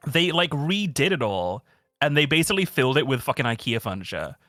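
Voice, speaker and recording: A man chatting casually as a stream guest, rambling with lots of fillers and telling stories in an animated way. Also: medium pitch, fairly quick, no echo, studio quality, soft background music. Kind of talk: casual chat.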